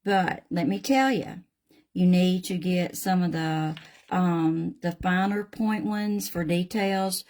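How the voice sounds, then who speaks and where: An older Southern US woman hosts a craft channel, talking slowly in a lowish, slightly mellow voice. She chats folksily through a painting demonstration and calls out viewers by name.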